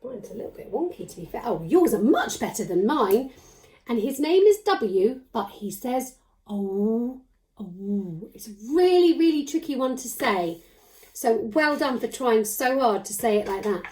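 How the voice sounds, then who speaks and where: A woman teaching a children's phonics lesson from home, encouraging and slowly sounding out letters. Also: fairly high pitch, very animated, a little mellow.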